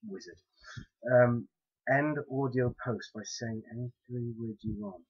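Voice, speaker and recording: This is a young man from Wales with a mid-range voice and measured pace, casually rambling through questions as an audio blogger. He's hesitant and uses lots of fillers, and the home recording sounds dull and lo-fi.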